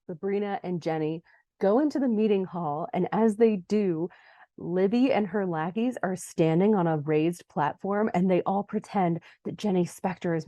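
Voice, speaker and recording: Young adult woman, podcast recap host; mellow, chatty, dry close mic. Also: no room sound. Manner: chatty, acts out quoted lines in a higher voice. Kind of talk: casual recap narration.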